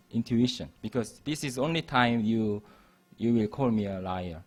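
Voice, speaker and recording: A man giving a university math lecture, explaining patiently and restarting phrases as he goes. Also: medium pitch. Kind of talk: classroom lecture.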